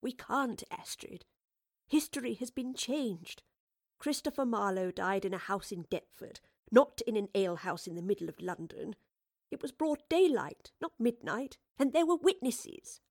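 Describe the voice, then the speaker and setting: A troubled female scholar thinks aloud in an earnest, measured voice, as a woman reads her part. She sounds reflective and weighed down. The audiobook recording is dry and close. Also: on the high side, animated, dry recording. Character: thoughtful, troubled female time-traveling scholar.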